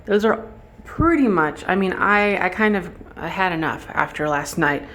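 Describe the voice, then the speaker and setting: A man touring his vintage shop on a casual vlog, thinking out loud and chuckling as he goes, recorded on a handheld camera and later a phone. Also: high voice, normal speed, slight background noise. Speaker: shop owner and vlogger. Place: indoor vintage shop room. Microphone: handheld camera, then phone.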